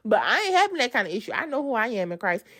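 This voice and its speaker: A woman puts on a sassy woman with a Louisiana drawl. She sounds sweet and brushes the listener off, calling them baby. The voice rises high and lively. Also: racing.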